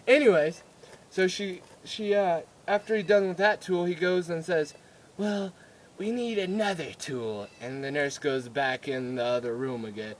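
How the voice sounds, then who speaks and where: A young man rambles through a story for his vlog, giggling and tripping over fillers and restarts. His voice sits a little high for a man, and the telling stays loose and chatty. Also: steady tone, normal speed, a little hiss or hum. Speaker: vlogger.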